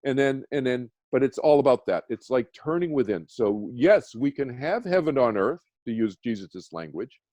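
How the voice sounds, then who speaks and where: A man's voice: mid-range voice, very animated, normal speed, few pauses, a little mellow, dry recording. A man, a meditation teacher, telling a personal story as a radio guest, earnest and rambling with many restarts. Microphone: phone or video call.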